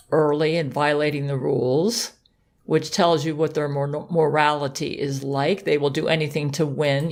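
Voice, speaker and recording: Slow, low-voiced woman narrator. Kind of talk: scripted story narration.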